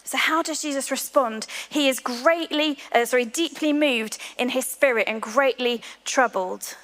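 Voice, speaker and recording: High-voiced woman preaching in a reverberant hall. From England. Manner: earnest, slows to a hush on key lines. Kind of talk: sermon. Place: large church hall.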